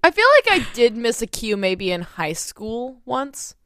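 A woman's voice: fairly high pitch, measured pace, no room sound, studio quality. A young woman with a Southern American accent co-hosting a podcast, chatting expressively and giggling. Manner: expressive, giggly, acts out moments vocally. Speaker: podcast co-host. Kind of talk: casual chat. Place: home studio, close mic.

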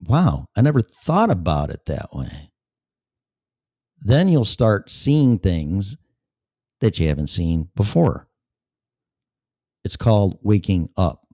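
A man hosts his own talk show and answers the chat room in a blunt, sarcastic way, swearing freely. His voice sits very low and mellow. The sound is close and dry. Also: no room sound. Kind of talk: casual solo show, reading chat aloud.

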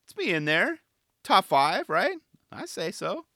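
A man's voice: high-pitched, sing-song, a little slow, pushed and bright, dry recording, clean studio sound. A man giving casual commentary on a skate video in laid-back skater slang, often tagging on "right?" and "you know".

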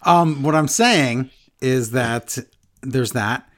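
A man's voice: mid-range voice, takes it slowly. A man hosting a podcast, chatting casually and rambling, often correcting himself. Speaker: podcast host. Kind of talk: casual chat.

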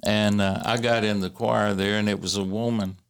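Halting storytelling man. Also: fairly low pitch, level tone, clear, resonant tone. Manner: halting, with many fillers and restarts; chuckles while recalling. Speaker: interviewee recalling family history. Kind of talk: casual storytelling.

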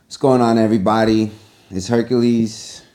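A man hosting a casual podcast, his voice low and mellow. He asks questions in an easygoing way and laughs easily. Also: fairly even intonation, normal speed. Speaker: podcast co-host.

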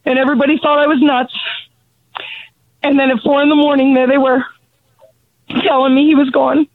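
A middle-aged woman, out of breath from pacing, speaks angrily and bluntly with halting restarts about losing her son. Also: high voice, flat delivery, dry recording. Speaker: grieving mother of a fallen Marine, calling in. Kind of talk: emotional phone testimony. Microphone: telephone. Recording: tinny, dry phone line.

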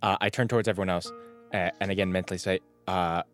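A man's voice: deep voice, steady tone, quick pace, fairly bright tone, soft background music. A man playing a tabletop game who speaks hesitantly, often stammering. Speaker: player.

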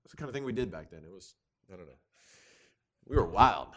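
A man giving a conversational sermon, lively and chatty, often restarting with repeated words. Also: on the low side, quick pace. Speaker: youth speaker teaching from Proverbs.

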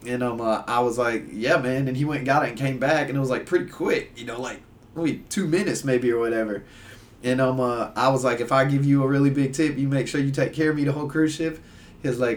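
A man telling rambling, animated stories in casual chat, full of fillers. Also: mid-range voice, quick pace, distant mic. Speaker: guest. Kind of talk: casual storytelling.

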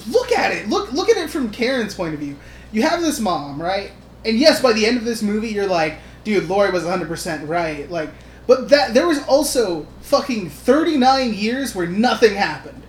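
A man co-hosting a casual podcast, talking animatedly and swearing, acting out movie scenes in quick quoted voices. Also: sits high, sing-song. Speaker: podcast co-host. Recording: roomy with faint noise.

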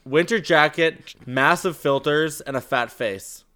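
A man's voice: a little high, unhurried, pushed and bright, clear, resonant tone. A young man on a podcast, defending himself with jokes and swearing freely in casual banter. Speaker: podcast co-host.

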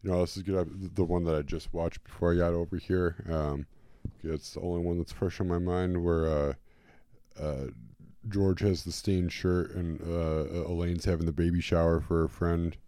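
A young man with a very deep, dark voice, chatting on a podcast. He hesitates a lot, padding his speech with ums and uhs as he retells scenes, and the recording is dry and close. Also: level tone, no room sound. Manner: halting, many ums and uhs, laughs while retelling scenes. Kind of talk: casual podcast chat.

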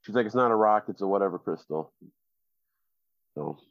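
A lower-voiced man telling meandering stories with plenty of "uh" and "um". His voice is dry and close, but it comes through a slightly dull, lo-fi mic. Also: animated, moderate pace, no echo. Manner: rambling storyteller, many fillers and laughs. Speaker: podcast co-host. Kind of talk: casual chat.

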